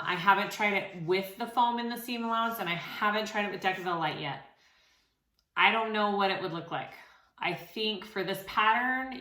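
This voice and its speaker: A woman's voice: lowish voice, sharp tone. A woman hosting a sewing tutorial, talking casually and encouragingly with frequent fillers. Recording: echoey room.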